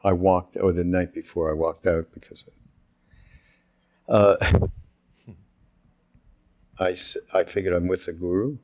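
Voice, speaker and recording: A man's voice: low-pitched, measured pace, long pauses. An older man from Canada telling stories in casual conversation, acting out the quotes and laughing often. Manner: animated storyteller who acts out quotes, laughs often.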